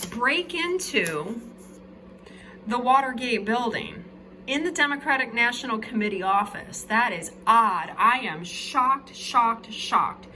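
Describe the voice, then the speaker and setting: A woman's voice: fairly high pitch, sharp tone, slight background noise, pitched above the performer's own voice, exaggerated voice. A woman doing an astonished young reporter. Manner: incredulous, emphatic exclamations.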